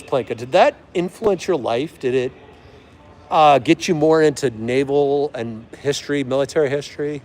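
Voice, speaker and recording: A man's voice: on the high side, a little mellow. A man hosting a live stream from an aviation museum, chatting with viewers and greeting each of them by name. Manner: chatty, friendly, answers chat by name. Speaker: livestream host.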